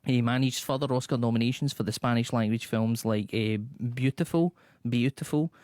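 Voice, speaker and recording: Scottish guy cohost rattling off movie trivia, jokey, middle pitch, dry close sound. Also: steady tone, a little mellow, clean tone, no echo. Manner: brisk, jokey delivery of prepared facts. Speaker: co-host. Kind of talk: casual comedy chat, reading film trivia.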